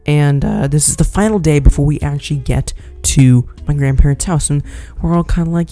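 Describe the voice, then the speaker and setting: A young man telling a rambling, animated story in a casual vlog. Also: on the high side, moderate pace, faint music behind. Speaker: vlogger.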